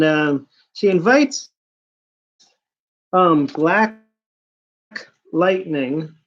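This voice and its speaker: A man's voice: high voice, muffled recording. A man giving a casual, sarcastic comic book review, rambling with mocking asides.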